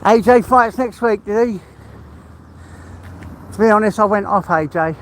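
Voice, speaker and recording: A man's voice: high-pitched, measured pace, slight background noise. An English man live-streaming as he walks his dog outdoors, chatting and rambling to viewers, out of breath, often laughing and greeting people by name. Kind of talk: casual chat to live viewers while walking.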